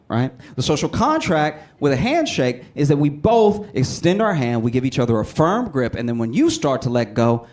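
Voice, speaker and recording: A male stand-up comedian telling a story in an animated, incredulous way. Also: medium pitch, normal speed, few pauses. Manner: animated, incredulous, exaggerated retelling. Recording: echoey hall with background noise.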